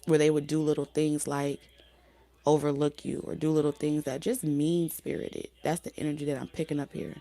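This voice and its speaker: A woman with a low, mellow voice talks through a tarot reading in a loose, rambling way. She circles back, restarts her sentences and leans on fillers, and her voice sounds like it is wearing out toward hoarseness. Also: flat delivery, normal speed. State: losing her voice. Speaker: tarot reader. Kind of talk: casual spoken tarot reading.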